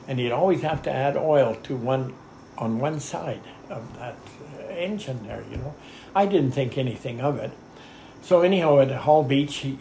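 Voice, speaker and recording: Older man, gravelly voice, rambling interview storyteller, echoey room, faint background hum. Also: mid-range voice, dark tone. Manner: rambling, chuckling storyteller who often says "anyhow". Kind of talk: oral history storytelling.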